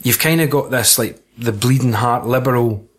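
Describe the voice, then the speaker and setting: A man's voice: mid-range voice, normal speed. A young Scottish man in casual film chat, sweary and laughing often as he co-hosts. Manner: laughing, sweary, puts on silly voices. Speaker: podcast co-host.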